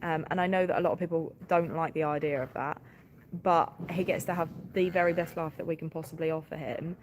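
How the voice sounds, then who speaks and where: A woman's voice: deep voice, steady tone, brisk, a little hiss or hum. A tired woman, a livestock farmer chatting casually on a live stream, giggling often and filling gaps with ums. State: tired, short on sleep.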